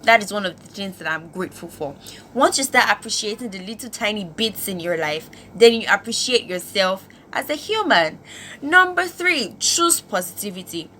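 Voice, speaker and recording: A woman's voice: medium pitch, expressive, normal speed, bright, forceful tone, slight background noise. A woman from Nigeria hosting her own channel, giving an emphatic motivational talk full of rhetorical questions. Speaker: host.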